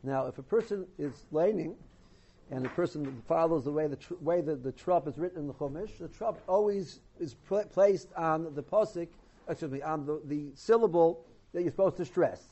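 A man giving an informal lesson on the laws of Torah reading, halting often and restarting his sentences. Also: fairly high pitch, dark tone, husky. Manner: halting, many restarts and repeated words. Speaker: Torah teacher. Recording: dull lo-fi recording.

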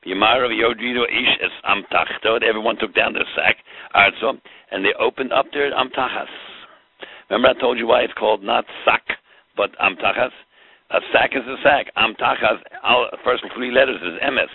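A man's voice: on the low side, fairly quick, creaky, slightly rough, no room sound. A man teaching a Torah class, explaining with rhetorical questions and mixing in Hebrew terms. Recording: tinny phone-like line.

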